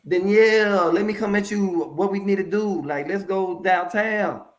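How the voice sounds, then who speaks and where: A man speaking as a mental health professional in a casual interview, telling stories in a lively, colloquial way and addressing the audience directly. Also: high voice, measured pace. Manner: animated, colloquial, preachy asides to the audience.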